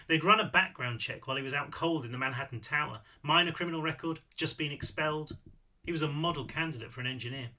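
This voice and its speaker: Bright-voiced man reading his novel aloud. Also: fairly high pitch. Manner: lively reading with casual asides. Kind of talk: audiobook read-through with asides.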